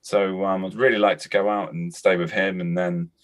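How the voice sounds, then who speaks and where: Deep-voiced Cornish man, chatty. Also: little pitch movement, moderate pace, a bit bright. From Cornwall. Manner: chatty storyteller, puts on voices in anecdotes. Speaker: interview guest, voice actor. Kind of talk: casual video-call chat.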